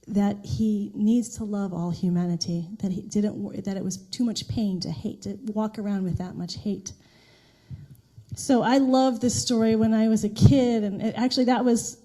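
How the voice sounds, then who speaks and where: Warm-toned woman giving a chatty sermon. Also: on the high side. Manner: conversational storytelling with restarts and soft laughs. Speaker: minister. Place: church sanctuary.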